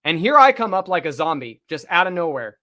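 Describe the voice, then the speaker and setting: A man's voice: fairly high pitch, fairly quick. Man telling a story, swearing. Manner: animated, swearing, with restarts. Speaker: podcast co-host. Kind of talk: casual storytelling.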